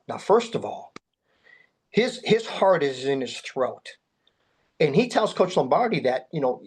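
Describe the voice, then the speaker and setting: A man telling sports stories in an interview, acting out the quotes with lively swings in his voice. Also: measured pace, pauses often, breathy edge. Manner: animated storyteller, acts out quotes with rising pitch. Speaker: guest, memorabilia collector. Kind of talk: storytelling interview.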